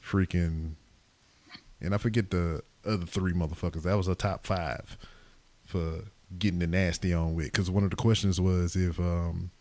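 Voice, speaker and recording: A man hosting a podcast, telling stories in casual chat with lots of swearing and animated retelling. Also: sits low, normal speed, no room sound. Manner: profane, animated storytelling. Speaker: podcast host.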